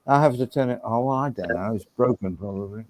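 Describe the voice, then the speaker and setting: A man's voice: fairly low pitch, fast, a little mellow. A man hosting a casual livestream chat with friends, joking and swearing his way through the banter. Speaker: livestream host.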